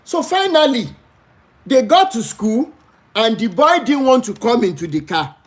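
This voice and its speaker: A Nigerian man hosting a live stream, telling a personal story with big pitch swings and pleading with viewers to follow one another. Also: very animated, measured pace. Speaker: livestream host.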